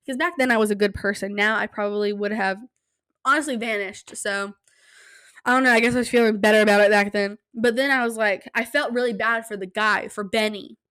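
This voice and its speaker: A young woman hosting a casual solo podcast at home, telling stories in an animated, self-deprecating way and acting out quotes. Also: brisk. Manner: animated, self-deprecating, acts out quotes with big pitch jumps. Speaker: podcast host. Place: home room, quiet at night.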